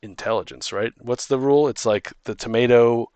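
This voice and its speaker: A man's voice: medium pitch, normal speed, darkish tone, clear, resonant tone, no echo. A man running a tabletop game as dungeon master, rambling with many restarts and ums.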